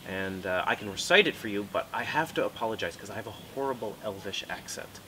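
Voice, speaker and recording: A man with an American accent, answering interview questions in a relaxed, chatty way with playful asides. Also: lowish voice, quick pace. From United States. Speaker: guest author. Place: book fair. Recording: noisy book fair.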